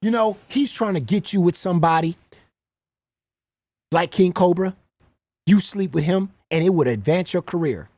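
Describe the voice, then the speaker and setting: A man reacting to clips on a stream in casual commentary, animated and talking straight to the viewer, often saying "bro". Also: sits high, moderate pace, long pauses, dry recording.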